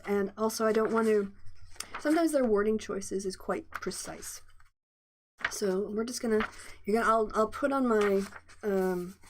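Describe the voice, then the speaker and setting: A woman's voice: medium pitch, a little hiss or hum. A woman hosting a casual lecture, reading from a textbook with many chatty asides and restarts. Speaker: host.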